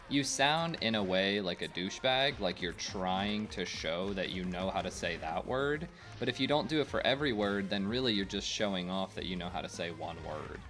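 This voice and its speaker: A man's voice: deep voice, fairly bright tone. A young man streaming a game, chatting casually to his viewers, rambling and opinionated with lots of fillers. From United States. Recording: faint game music behind.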